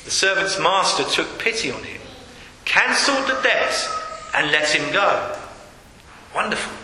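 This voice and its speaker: High, bright preacher in an echoey hall. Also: male voice, a little hiss or hum. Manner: reads scripture aloud, asks rhetorical questions. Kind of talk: sermon. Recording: echoey hall, faint ambience.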